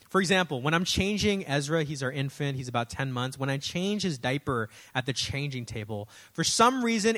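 A man in his thirties preaches, moving through stories about his kids with animated energy and an easy, folksy "y'all." His voice sits a bit higher than most men's. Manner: animated storytelling, addresses audience as y'all. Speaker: pastor. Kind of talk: sermon.

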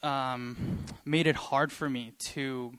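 A young man giving a sermon and sharing a personal story, talking earnestly and haltingly with many pauses, choked up with emotion. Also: mid-range voice, steady tone, a bit bright, clean tone. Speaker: preacher.

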